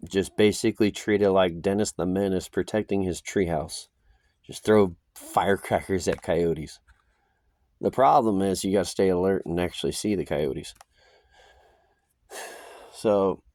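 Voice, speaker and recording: Low-voiced man rambling in a dry recording. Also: darkish tone, dry recording. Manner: loose, chatty, many fillers and asides. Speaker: vlogger. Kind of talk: casual rambling vlog. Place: outdoors by an RV in the high desert.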